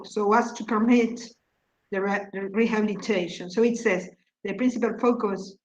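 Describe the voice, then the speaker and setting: A woman from Argentina teaching an online English class, explaining vocabulary in a halting way and repeating words as she thinks. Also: fairly high pitch. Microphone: video call. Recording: echoey, dull call audio.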